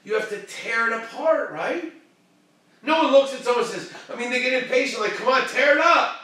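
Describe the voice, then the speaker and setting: A man hosting a show and giving a fervent, preachy motivational pep talk that swings from shouting to hushed tones. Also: extremely high pitch, lively intonation, fairly quick, heavy reverb, far from the mic. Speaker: motivational live-stream host.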